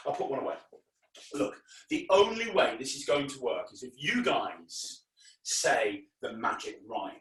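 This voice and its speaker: A man's voice: medium pitch, big pitch swings, measured pace, fairly bright tone. A man performing a children's magic show, talking playfully to the kids and acting mock-frustrated when his tricks go wrong. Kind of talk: kids' magic show patter. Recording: echoey room, distant mic.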